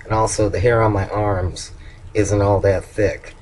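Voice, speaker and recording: An older man with a low voice talks through a casual video diary in a candid, upbeat way. Faint noise hums under the recording. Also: fairly even intonation, unhurried, a little mellow, poor audio. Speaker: vlogger.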